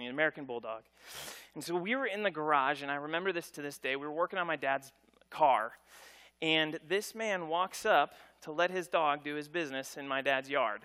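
A middle-aged man preaching a conversational, story-driven sermon, acting out the people in his stories. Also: on the high side. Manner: conversational, animated storytelling with voiced quotes. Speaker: pastor.

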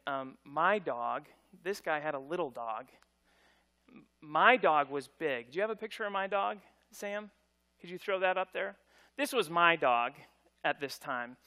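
Middle-aged male pastor, casual storytelling sermon, bright higher voice. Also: unhurried. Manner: conversational, animated storytelling with voiced quotes.

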